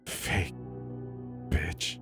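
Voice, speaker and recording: A man's voice: fairly high pitch, very animated, takes it slowly, vocal fry, darkish tone, faint music behind, voice pushed up, heavily acted. A man doing a sneering, spiteful teenage boy. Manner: taunting, sneering. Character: cruel mocking teenage boy, wounded, spiteful.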